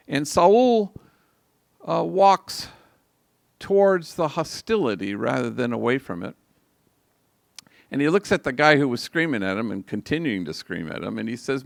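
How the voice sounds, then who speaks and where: A man's voice: medium pitch, lively intonation, dry recording, clean studio sound. An older man, a priest, telling a story in a reflective homily at a live liturgy. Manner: slow, reflective, gravelly delivery.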